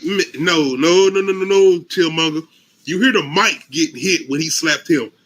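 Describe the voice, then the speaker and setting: A man co-hosting a casual talk show, telling stories with animated acted-out quotes and frequent laughter. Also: on the high side, moderate pace, poor audio. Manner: animated storytelling, acts out quotes, laughs often. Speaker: podcast co-host. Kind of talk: casual chat.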